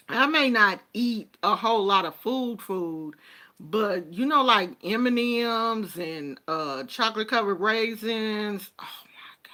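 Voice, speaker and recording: Slow-talking, chatty woman vlogger. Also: medium pitch, pushed and bright. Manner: chatty, laughs often while telling stories. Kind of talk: casual chat to viewers.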